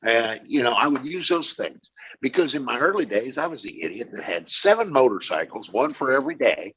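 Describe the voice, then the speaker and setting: A man's voice: mid-range voice, very animated, fairly quick, a bit bright, slightly rough. A middle-aged man co-hosting a podcast, talking in a blunt, profane way and often restarting his sentences. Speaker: podcast co-host. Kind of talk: casual chat. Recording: slightly dull lo-fi sound.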